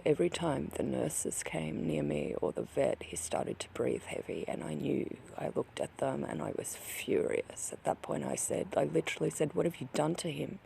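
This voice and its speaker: A vlogger recounting a personal account, upset and grieving, halting with many restarts and sometimes dropping to a whisper. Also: medium pitch, vocal fry, warm tone, breathy edge.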